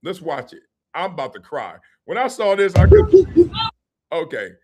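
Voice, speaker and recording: A man hosting a live-streamed sports and culture talk show, reacting to a clip in an animated, slangy way and laughing often. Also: on the high side, moderate pace, background noise. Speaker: host.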